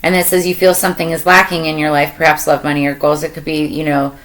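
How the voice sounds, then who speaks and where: A woman's voice: low-pitched, little pitch movement, fast talker, a bit bright, low-quality recording. A woman reading tarot cards for a zodiac sign in a casual, meandering way, thinking aloud with lots of fillers. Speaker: tarot reader.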